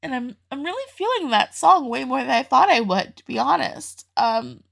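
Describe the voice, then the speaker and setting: A young woman talking through her reactions to songs in a chatty, heartfelt way. Her voice sits a little high and carries a gravelly, fry-laced edge. She laughs easily and lets her feelings show. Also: very animated, moderate pace, a bit bright. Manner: chatty, emotional, laughs often. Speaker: reaction video host. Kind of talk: casual reaction commentary.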